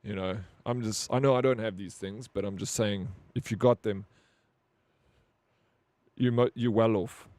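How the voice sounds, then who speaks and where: A man's voice: on the low side, steady tone, a little slow, pauses often, a little mellow, no echo. A South African man chatting casually to his live-stream viewers, blunt and profane, rambling with lots of "bro".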